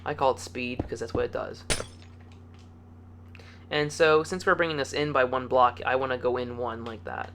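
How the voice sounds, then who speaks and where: Upbeat man hosting a casual building tutorial, counting blocks aloud; bright, keen voice with a faint hum behind. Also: mid-range voice, moderate pace, gravelly, long pauses. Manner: upbeat and chatty, playful words, easygoing. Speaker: video game tutorial host.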